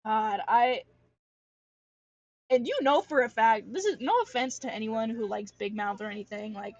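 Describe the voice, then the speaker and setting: A young adult woman with a higher voice talks at a moderate pace while drawing on a livestream. The audio has no room sound but its highs are cut off, and she rambles and rants casually with lots of filler and restarts.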